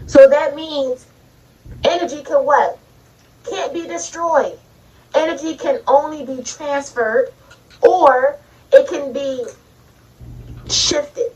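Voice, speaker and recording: A high-pitched woman preaches to her viewers in a loose, casual way. She sits some way back from the mic, and the recording sounds dull and lo-fi. Her talk is chatty and direct. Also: recorded from a distance. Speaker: vlogger. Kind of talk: motivational talk to camera.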